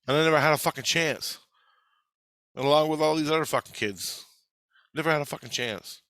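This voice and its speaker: A man's voice: a little high, a little fast, long pauses, a bit bright, no echo. A man speaking in a casual, rambling monologue, blunt and full of swearing. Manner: blunt, heavily profane, rambling with restarts. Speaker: channel host.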